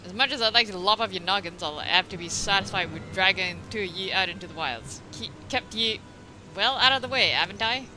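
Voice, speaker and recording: A woman voicing a swaggering, taunting male pirate marauder who talks in rough, old-fashioned slang, reading game dialogue aloud. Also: medium pitch, lively intonation, a little fast, noisy background, natural voice. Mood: gloating.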